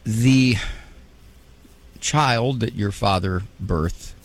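A man hosting a radio call-in show. He gives advice in a quick, joking way and often repeats himself. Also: on the low side. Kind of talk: casual advice call-in talk.

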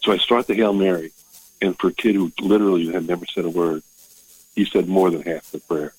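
Older guy caller, very deep husky voice, earnest and choked up, dry close sound. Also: steady tone, no room sound, rough recording. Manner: earnest, emotional, halting restarts. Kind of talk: call-in testimony.

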